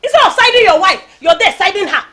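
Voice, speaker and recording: Jealous, bossy madam of the house, Nigerian accent, high bright lively voice, faint music under. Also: female voice, normal speed. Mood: defensive. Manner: scolding, accusing, bossy. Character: domineering jealous wife, middle-aged madam. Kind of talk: Nollywood film acting.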